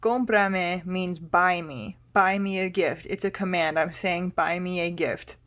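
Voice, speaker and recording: A woman's voice: fairly low pitch, steady tone, a little slow, a bit bright. A woman teaching a Spanish lesson, explaining patiently and spelling words out letter by letter.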